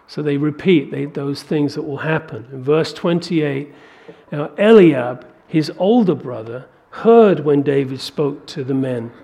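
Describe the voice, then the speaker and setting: A man with a high voice delivering a sermon. His preaching is emphatic, rising to forceful peaks as he drives each point home. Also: expressive, measured pace, vocal fry.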